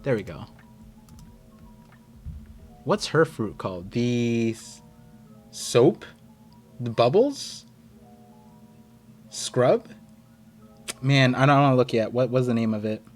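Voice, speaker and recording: A young American man hosting a live stream, chatting casually and excitedly with his viewers. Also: medium pitch, slow, pauses often, soft background music. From United States. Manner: rambling, excitable, talks to chat. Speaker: streamer host.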